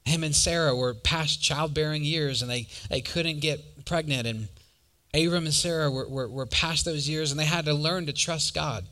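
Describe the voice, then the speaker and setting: Young man, preacher, sermon, bright voice, slightly high pitch, animated storytelling, asks audience questions. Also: moderate pace.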